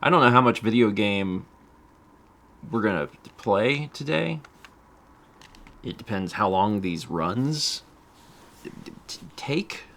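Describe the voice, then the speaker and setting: A man's voice: fairly low pitch, lively intonation, takes it slowly, gravelly, pauses often, a bit bright, a little hiss or hum. A man chatting casually on a game stream, rambling and amused, with frequent fillers and asides.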